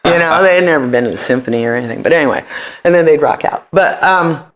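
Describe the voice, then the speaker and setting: A middle-aged man as a podcast guest, telling stories in a brash, profane, animated way. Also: a little high, fast talker. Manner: brash, profane, animated, jumps into voices for quotes. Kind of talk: casual interview storytelling.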